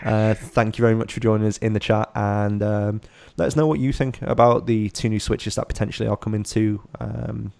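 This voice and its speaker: Low-voiced man co-hosting a live show. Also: level tone, brisk, gravelly, hardly any pauses, a little mellow, dry recording. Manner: reads chat messages aloud, laughs often. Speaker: podcast co-host. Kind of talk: casual live-stream chat.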